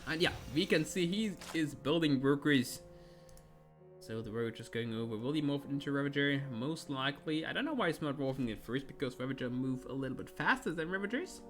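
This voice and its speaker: A man casting a live strategy game match, animated and joking, acting out the players in little quoted voices. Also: medium pitch, fairly quick. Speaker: esports caster. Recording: music playing under the voice. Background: music.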